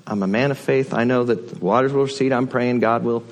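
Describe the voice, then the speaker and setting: A man's voice: mid-range voice, fairly even intonation, a little fast, in a large hall, pitched above the performer's own voice, lightly acted. A man voicing a stubborn man of faith stranded on his roof who keeps refusing rescue. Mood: insistent. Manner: insistent, refusing help.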